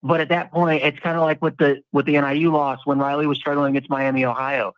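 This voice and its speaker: A man's voice: on the high side, little pitch movement, fast, clear, resonant tone, no echo, lo-fi sound. A man in casual sports talk, analyzing football at length with frequent restarts.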